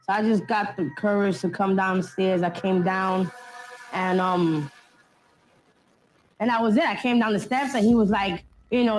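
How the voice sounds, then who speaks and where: A woman's voice: mid-range voice, a little hiss or hum, rough recording. A woman, a documentary interviewee, recounting events in blunt, slangy street talk and acting out what others said. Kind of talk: casual recounting.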